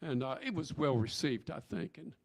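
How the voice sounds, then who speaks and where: A man's voice: fairly high pitch, animated, normal speed, gravelly. A man telling a story in a church sermon, folksy, with many restarts and fillers. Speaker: speaker at church service. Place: church sanctuary.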